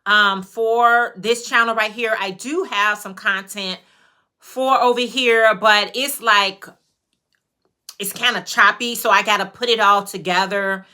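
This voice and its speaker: Medium in pitch, with a pushed, bright sound and fairly even intonation, this Chicago woman hosts a livestream where she crochets hats. She's chatty in her Chicago accent, calling out viewers by name and stretching out her phrases.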